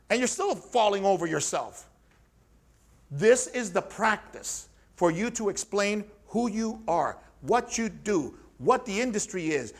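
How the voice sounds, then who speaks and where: A man coaching personal trainers with a high voice that swings widely. He talks bluntly and acts out quick exchanges with would-be clients. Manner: animated, blunt, acts out dialogues. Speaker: fitness educator. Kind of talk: lively business coaching talk.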